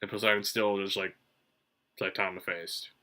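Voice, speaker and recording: In a casual, rambling manga review, a man speaks in a low, flat voice that comes out pushed and bright at a normal pace. He swears freely, restarts often, and fills the gaps with "like" and "um."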